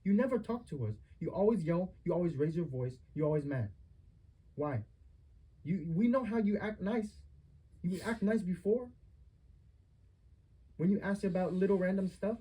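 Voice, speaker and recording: Stern, husky high-pitched man scolding. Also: animated, normal speed, pauses often, dark tone, low-quality recording. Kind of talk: heated lecture to a family member at home.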